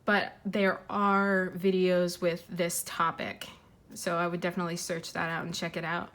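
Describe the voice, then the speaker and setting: Woman tarot reader, soft earnest delivery, fighting back tears, halting fillers. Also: medium pitch. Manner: gentle, heartfelt, with many fillers and restarts. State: tearful, fighting emotion. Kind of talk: intuitive tarot reading to camera.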